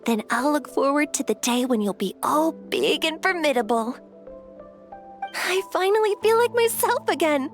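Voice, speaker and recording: A woman voicing a gentle young woman warrior haunted by fear, in earnest, soft-spoken game dialogue. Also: high voice, lively intonation, normal speed. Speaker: game character. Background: faint game music.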